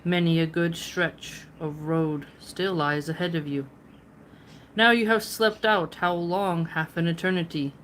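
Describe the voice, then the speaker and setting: A woman gives voice to an old wandering sage talking to himself in a slow, measured read-aloud. The voice sits a little low, and every phrase is drawn out unhurriedly, with a faint hiss of room ambience behind. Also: fairly even intonation, fairly bright tone. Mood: musing.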